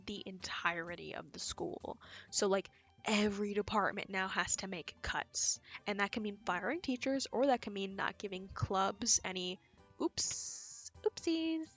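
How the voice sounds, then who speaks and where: Young woman rambling over soft music. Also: medium pitch, steady tone, moderate pace. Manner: rambling, swearing, giggly storytelling. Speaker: streamer. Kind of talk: casual chat while gaming. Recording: faint music behind voice.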